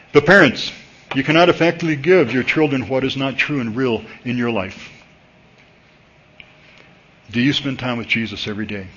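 A man preaching a sermon at a church service, talking to the congregation in a conversational, animated way and jumping up in pitch when he gets excited. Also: a little hiss or hum. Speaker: pastor. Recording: dull lo-fi recording.

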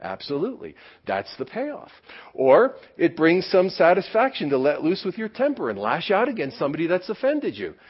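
A male pastor preaching a sermon at a church service, animated and conversational, with many rhetorical questions to the congregation. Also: a little high, husky, muffled recording.

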